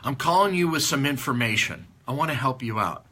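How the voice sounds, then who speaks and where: A man's voice: mid-range voice, animated, fairly quick, sharp tone. A man voicing a stammering, humble oil rig hand. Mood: grateful. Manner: stammering, polite.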